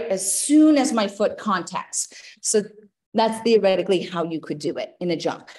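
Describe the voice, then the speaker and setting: A woman's voice: mid-range voice, animated, moderate pace. A woman podiatrist hosting a live webinar, answering questions and demonstrating exercises with upbeat, chatty movement cues.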